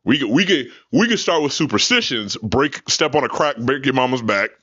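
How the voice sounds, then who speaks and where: A man's voice: medium pitch, expressive, fairly quick, bright, forceful tone, dry recording, lo-fi sound. A man co-hosting a live talk stream, joking and swearing freely in casual banter. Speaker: co-host.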